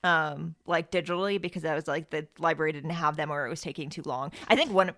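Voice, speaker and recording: A woman hosts a podcast in casual chat. Her voice sits a little low, and she rambles with plenty of fillers and easy laughs. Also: quick pace, a bit bright, no echo, studio quality. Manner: chatty, laughs often, many fillers. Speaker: podcast host.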